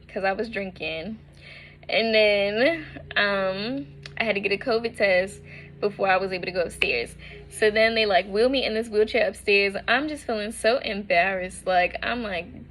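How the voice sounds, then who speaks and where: A woman's voice: medium pitch, normal speed, a bit bright, a little hiss or hum. Young woman telling a personal story. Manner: casual, frank, filler-heavy with lots of "like"; slang-flavored, addresses viewers as "y'all". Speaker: vlogger.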